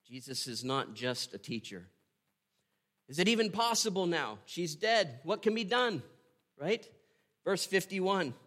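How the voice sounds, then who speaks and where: A man giving a devotional Bible teaching. He reads scripture aloud and reflects on it with emotion and slow emphasis. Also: sits high, sing-song, a bit bright. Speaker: preacher.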